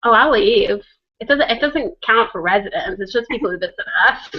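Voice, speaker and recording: A woman's voice: fairly high pitch, animated, brisk, slightly rough, highs cut off. A woman guest chatting about books over a video call, bubbly and hesitant with lots of ums. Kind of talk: casual video chat. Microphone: computer mic on a video call.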